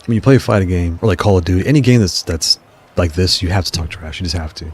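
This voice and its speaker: A man's voice: deep voice, a little mellow, slightly rough, soft background music. A man casually commenting on his fighting game matches, trash-talking opponents and then apologizing. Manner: playful trash talk, quick apologies. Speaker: gaming streamer.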